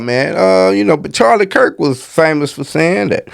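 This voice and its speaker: A man's voice: fairly high pitch, lively intonation, normal speed, gravelly. A man hosting a casual commentary monologue, rambling and conversational with plenty of asides. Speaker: commentary channel host.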